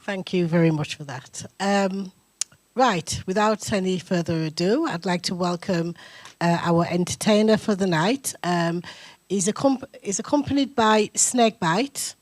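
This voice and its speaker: A woman hosting an event, briskly introducing the night's entertainer with a few hesitations. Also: lowish voice, no room sound. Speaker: event host.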